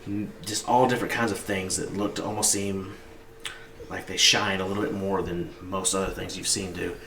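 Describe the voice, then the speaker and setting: A man's voice: low-pitched, little pitch movement, moderate pace, bright, forceful tone. A man narrating as game master in a tabletop game, describing scenes loosely with many fillers. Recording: roomy, distant mic, background noise.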